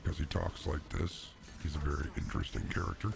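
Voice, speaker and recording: A man doing a deep, gravelly fantasy hero voice. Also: level tone, fairly quick, full character voice. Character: deep-voiced male tabletop fantasy adventurer.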